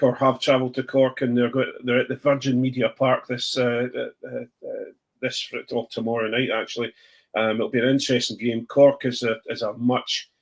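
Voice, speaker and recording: Male podcast host, mid-pitch, casual and rambling, corrects himself often. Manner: rambling, lots of ums and self-corrections. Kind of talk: casual chat.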